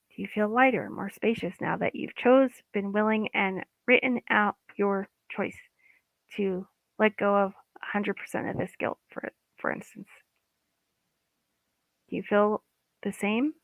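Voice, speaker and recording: Here an EFT coach, a woman with a medium-pitched, gravelly voice, takes her time through a casual guided self-help talk. Her manner is chatty and loose, and she sometimes loses her words partway through a sentence. It's a dry recording that sounds like a phone line.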